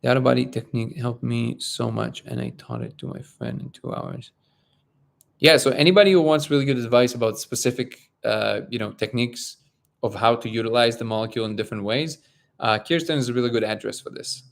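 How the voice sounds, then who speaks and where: A man hosting a casual live-stream talk, speaking haltingly with many restarts and fillers. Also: medium pitch, expressive, vocal fry. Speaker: host of a live discussion stream.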